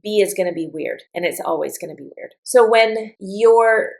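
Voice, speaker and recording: A woman's voice: mid-range voice, moderate pace, gravelly, a little mellow. A woman English teacher explaining vocabulary and grammar, repeating key phrases for emphasis. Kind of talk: vocabulary lesson.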